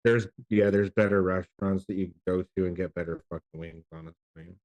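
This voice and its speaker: A man's voice: low voice, fairly even intonation, brisk, a little mellow. Loose, cursing man host. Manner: loose, swears freely, rambling restarts. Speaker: live show host. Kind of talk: casual chat.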